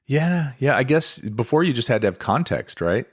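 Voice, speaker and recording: A man's voice: mid-range voice, big pitch swings, normal speed, breathy edge. A man hosting a podcast, telling a life story in a casual, chatty way with lots of asides. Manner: conversational, many fillers and asides. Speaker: podcast host.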